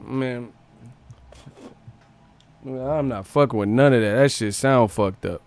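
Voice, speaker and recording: A man's voice: medium pitch, slow pace. A man hosting a livestream, joking profanely and laughing often. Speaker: livestream host. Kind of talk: casual commentary.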